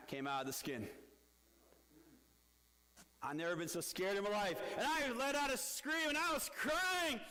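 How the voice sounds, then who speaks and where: Bright-voiced middle-aged male pastor. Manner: animated, swings from loud outbursts to low asides. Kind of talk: storytelling sermon. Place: church. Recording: echoey church hall.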